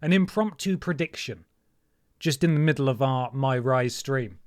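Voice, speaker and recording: A man's voice: high voice, moderate pace, darkish tone, no room sound, studio quality. A man chatting casually to his viewers while he streams a wrestling video game, joking as he goes. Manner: chatty, jokey, talks to chat and mods. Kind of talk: casual live-stream commentary.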